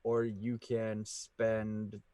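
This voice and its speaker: A man narrating as game master, talking haltingly with many fillers and laughing easily, over a video call. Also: lowish voice, completely flat delivery, dark tone, no echo.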